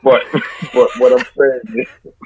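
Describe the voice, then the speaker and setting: A man's voice: medium pitch, level tone, takes it slowly, darkish tone, slightly rough. A man guest on an interview, talking in a playful, rambling way and fond of joking nicknames. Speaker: musician guest. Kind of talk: casual interview chat. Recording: dull lo-fi sound.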